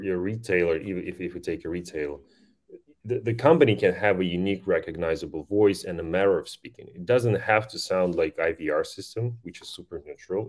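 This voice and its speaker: A man speaking as a guest on a podcast interview, talking quickly and eagerly with frequent restarts. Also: deep voice. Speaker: podcast guest, voice-tech company founder.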